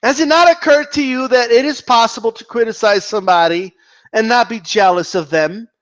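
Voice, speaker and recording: A man giving casual commentary on a vlog, animated and profane, rambling and restarting his sentences. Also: very high voice, a little fast, lo-fi sound. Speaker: boxing commentator.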